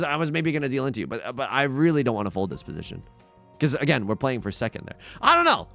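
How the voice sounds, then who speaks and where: A man with a gravelly, creaky voice talks through his game in an offhand, rambling way. His pitch swoops widely as he chats, stumbles and restarts. Soft game music sits faintly underneath. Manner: rambling, chatty, with frequent restarts and laughs. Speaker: Let's Play host. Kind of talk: casual gameplay commentary.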